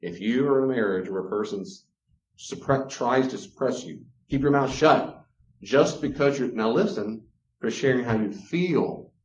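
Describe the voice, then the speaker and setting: A man's voice: medium pitch, unhurried, a little hiss or hum. A man teaching about relationships with lots of energy, dropping into acted voices as he goes. The sound is roomy and echoey and a little dull and lo-fi. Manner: animated, acts out quoted voices. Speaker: counselor giving a talk on relationships. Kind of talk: lecture-style teaching.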